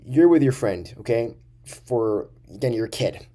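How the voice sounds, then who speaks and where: A man's voice: medium pitch, expressive, measured pace, warm tone. A young man telling a rambling, profane story casually to camera as a vlogger.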